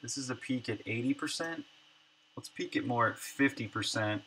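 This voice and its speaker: A man's voice: mid-range voice, normal speed, a bit bright, slight background noise. A man streaming his game development work, chatting casually and thinking aloud, often trailing off and muttering numbers to himself. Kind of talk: casual livestream chat while working.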